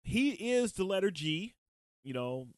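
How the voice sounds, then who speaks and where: A man's voice: high-pitched, big pitch swings, a little slow, a little mellow, dry recording. A man hosting a podcast in casual chat, rambling with many fillers and laughing often. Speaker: podcast host.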